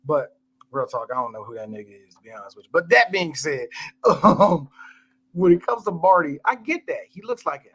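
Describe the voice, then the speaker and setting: A man co-hosting a casual movie podcast, animated, joking and full of slang. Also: on the high side, normal speed, husky. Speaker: podcast co-host. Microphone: live stream mic.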